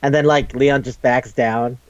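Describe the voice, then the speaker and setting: A man's voice: mid-range voice, steady tone, measured pace, no echo, highs cut off. A man co-hosting a podcast in casual chat, rambling loosely with lots of "like", swearing freely and acting out quoted lines as he retells a story. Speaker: podcast co-host.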